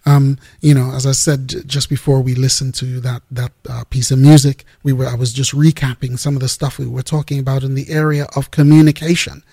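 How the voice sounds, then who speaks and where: Earnest, husky-voiced man hosting a faith show. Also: mid-range voice, level tone, dark tone, no room sound, studio quality. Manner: unhurried, searching for words, earnest. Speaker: host of a Christian music program. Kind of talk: reflective devotional talk between tracks.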